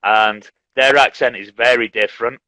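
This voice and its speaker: Bright-voiced man, chatty teacher. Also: medium pitch, moderate pace, no room sound, poor audio. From Leeds, England. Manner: relaxed, chatty, laughs often. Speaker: English teacher, host. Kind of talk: casual live-stream chat. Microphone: video call.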